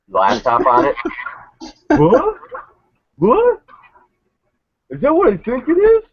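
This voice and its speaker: A man's voice: fairly low pitch, no echo. Ranting man on a tinny line. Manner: profane, sarcastic ranting. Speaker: panelist. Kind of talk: casual panel review. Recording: tinny phone-like line, dry.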